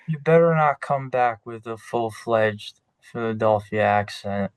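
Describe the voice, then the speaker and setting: Slow-talking man with dry replies. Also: mid-range voice, smooth, no room sound, low-quality recording. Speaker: podcast co-host. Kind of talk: casual podcast chat.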